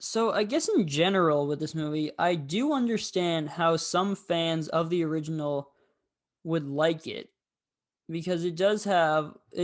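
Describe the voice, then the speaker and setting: Man hosting a film review show, somewhat high voice, casual, rambling and candid. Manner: rambling, candid, with frequent fillers.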